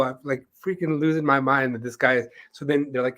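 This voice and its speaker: A man with a voice of ordinary pitch tells a long story as co-host of an interview show. He talks in a loose, rambling way, full of fillers, and acts out the voices of the people he quotes. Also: steady tone, fairly quick, a bit bright. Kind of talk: casual storytelling in conversation.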